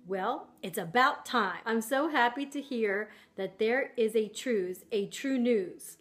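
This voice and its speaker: Woman playing a polite old-fashioned inventor, formal, unhurried, lower than her own voice. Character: old-time male inventor, courtly and vindicated.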